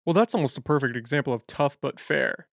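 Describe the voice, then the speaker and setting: Gravelly-voiced podcast host. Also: male voice, mid-range voice, fast, no echo, clean studio sound. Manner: asks long searching questions, thinking aloud. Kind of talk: conversational interview.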